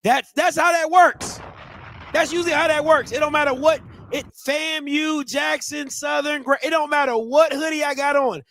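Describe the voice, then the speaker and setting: High-voiced man telling a lively story. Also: normal speed, gravelly. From Ohio, USA. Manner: animated, repeats and restarts phrases, slangy. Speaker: vlogger. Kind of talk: casual storytelling vlog.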